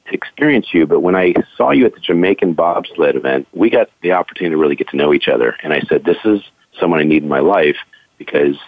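A man's voice: rumbling low, no echo. A male radio host interviewing a guest, heaping praise on him. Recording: dry, phone-like line.

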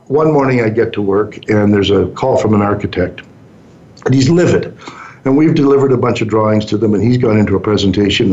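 A man's voice: on the low side, a little mellow. A man in his sixties, a business owner and interview guest, telling stories in an easygoing way and acting out the lines he quotes. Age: 60s. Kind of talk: storytelling interview answers. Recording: dull muffled sound.

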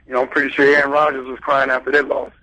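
A man's voice: mid-range voice, little pitch movement, rapid-fire, sharp tone, slightly rough, low-quality recording. A man guesting on a sports radio show, talking in an insistent, informal, old-school way. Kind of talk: casual radio sports chat.

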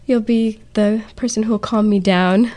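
A woman's voice: medium pitch, steady tone, moderate pace, warm tone. Gushing enthusiastic woman host. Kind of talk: casual interview chat.

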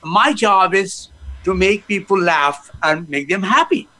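High, lively laughter-yoga man on a phone. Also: measured pace, low-quality recording. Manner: bursts into laughter and chants. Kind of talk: energetic guest talk on a call. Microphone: phone on a video call.

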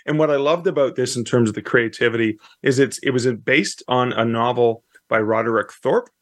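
A man's voice: mid-range voice, normal speed, dry recording, clean studio sound. A man from Canada, a guest author on a radio show, talking enthusiastically with light jokes. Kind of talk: casual interview answer.

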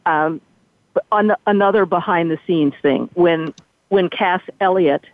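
An older woman who used to be an entertainment reporter shares behind-the-scenes stories as an interview guest, animatedly acting out what others said. Her voice is fairly low and measured, coming over a tinny, dry phone line with no echo.

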